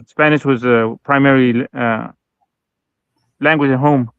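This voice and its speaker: Guy chatting on a stream, smooth voice, kinda muffled dry sound. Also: medium pitch, steady tone, measured pace, no echo. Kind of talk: casual chat. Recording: dull, dry lo-fi stream audio.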